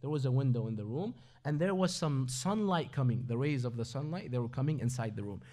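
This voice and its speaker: A man's voice: mid-range voice, expressive, brisk, mellow. A man giving a Ramadan religious lecture at an Islamic centre, moving between recited Arabic sayings and English explanation with rhetorical questions.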